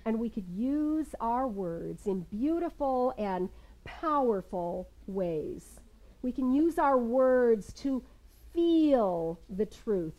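An older woman minister preaches to a seated congregation in a room, telling stories with lively energy before easing into calm, measured guided prayer. Her voice is on the high side, and the audio is poor.

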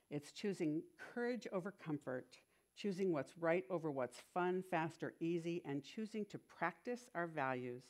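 A woman giving a sermon in a chatty, animated storytelling manner, with frequent asides. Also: low voice.

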